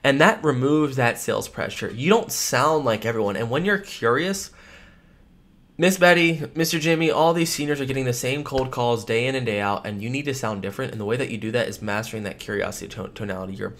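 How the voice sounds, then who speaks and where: A man's voice: medium pitch, a little fast, fairly bright tone. A man teaching life insurance phone sales in a training lesson, emphatic and repeating his key points.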